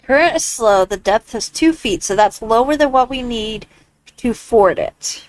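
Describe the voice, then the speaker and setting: Woman, casual gameplay commentary, exclamatory, reads text aloud, slightly high voice. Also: expressive, measured pace, no echo, low-quality recording. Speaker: gamer.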